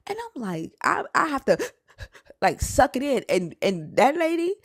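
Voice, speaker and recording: A woman's voice: high voice, very animated, moderate pace, dry recording, studio quality. A woman speaking as a live stream guest, telling a personal story in a blunt, emotional, rambling way and swearing freely. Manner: rambling with restarts and quoted outbursts.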